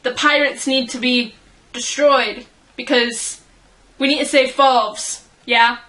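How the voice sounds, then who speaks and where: A woman's voice: sits high, steady tone, takes it slowly, sharp tone, low-quality recording. A young woman vlogging casually as a fan, rambling and giggling at herself. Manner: giggly, rambling, self-deprecating. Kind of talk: casual chat.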